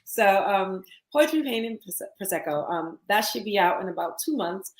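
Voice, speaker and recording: A woman's voice: mid-range voice, expressive, moderate pace. A woman in her thirties, a guest poet, talking candidly and chattily in a podcast conversation. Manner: candid, chatty, laughs often. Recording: roomy echo.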